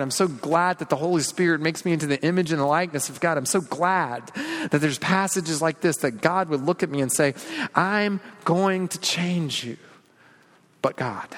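A man's voice: on the high side, big-room sound. A man preaching an earnest, confessional sermon, leaning on repeated phrases and rhetorical questions. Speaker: pastor.

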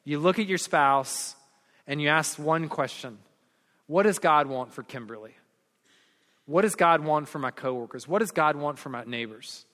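A pastor in his forties preaching a sermon, telling stories with rising energy and dropping to soft, earnest tones. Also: fairly high pitch, normal speed. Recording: long hall reverb.

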